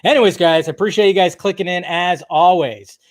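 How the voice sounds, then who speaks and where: A man's voice: high voice, a little fast, dry recording, studio quality. Chatty man hosting a live stream. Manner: chatty, greets viewers by name, jokey asides. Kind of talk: casual live stream chat.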